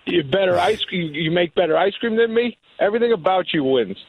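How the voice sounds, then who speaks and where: Heard through phone-quality audio, his high-pitched voice is slightly rough and fairly quick. He's a middle-aged guest with a New England accent who tells animated stories in relaxed conversation, doing impressions of his parents.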